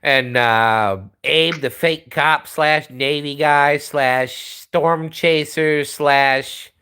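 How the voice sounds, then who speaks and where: A man's voice: a little high, steady tone, very slow, sharp tone, smooth. A man hosting a livestream, ranting in a profane, rambling way and restarting his sentences often. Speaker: livestream host. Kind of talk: casual livestream rant.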